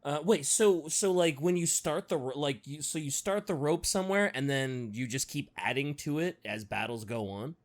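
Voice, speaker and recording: A man's voice: fairly high pitch, expressive, normal speed, few pauses. A man co-hosting a casual chat, reacting to his friend with sarcastic, swearing remarks. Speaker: podcast co-host.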